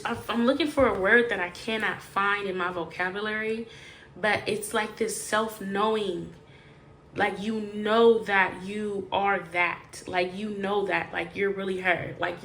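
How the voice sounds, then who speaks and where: A woman's voice: mid-range voice, fairly bright tone, slight background noise. A woman giving a casual, chatty tarot reading straight to the viewer, emphatic and full of slangy asides. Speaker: tarot reader.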